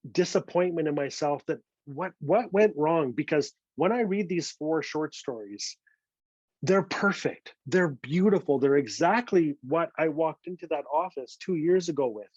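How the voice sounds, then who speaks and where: A man's voice: a little high, a little mellow, no echo. A man telling a personal story at a literary talk, earnest and prone to repeating words as he restarts. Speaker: author speaking at a literary event. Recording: dull, slightly lo-fi dry sound.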